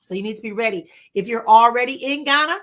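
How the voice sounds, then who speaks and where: Bright-voiced woman hosting a livestream. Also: a little high. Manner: warm, reassuring, addresses viewers as "my love" and "honey"; drawn-out soothing repetitions. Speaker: spiritual livestream host. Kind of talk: casual livestream chat with viewers.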